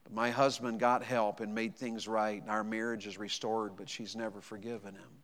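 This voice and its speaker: A man preaching a sermon, moving between hushed storytelling and loud, emphatic proclamation. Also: lowish voice, little pitch movement, moderate pace. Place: large church hall. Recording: long reverb of a large hall.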